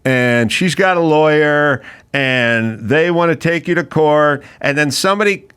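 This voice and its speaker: A man's voice: fairly high pitch, unhurried, a bit bright, clean tone. A man hosting a comedy podcast, telling stories animatedly and acting out quoted lines with plenty of swearing. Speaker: podcast host. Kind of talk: casual comedic chat.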